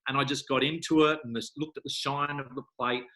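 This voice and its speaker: A bright, forward-voiced middle-aged man who tells stories with relish. He slips into voices for the people in his anecdotes, jumping high in pitch, then settles back into a calm, steady guest's tone. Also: brisk. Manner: animated storyteller, acts out voices with big pitch jumps. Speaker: hypnotherapist guest. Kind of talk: conversational interview.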